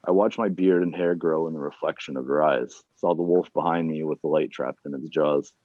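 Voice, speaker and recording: A man reading his own fiction aloud at an online reading series, plain and unhurried, with casual asides between chapters. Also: a bass voice, fairly even intonation, dry recording. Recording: dull, dry lo-fi sound.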